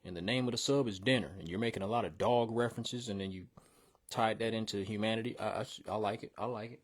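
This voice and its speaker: A man hosting a show where he reviews submitted songs, giving blunt, slangy and animated feedback in casual talk. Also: on the low side, fast talker. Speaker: host reviewing song submissions. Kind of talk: casual music critique.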